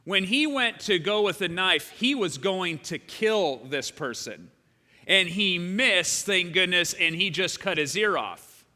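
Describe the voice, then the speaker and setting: A man pastor preaching a sermon, swinging between loud emphatic bursts and quiet, low passages. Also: big pitch swings, measured pace. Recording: long hall reverb.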